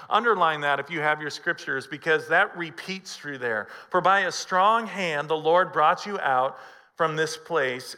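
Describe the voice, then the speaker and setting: Middle-aged male pastor, bright and fairly high voice, storytelling sermon. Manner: storytelling preacher, acts out dialogue.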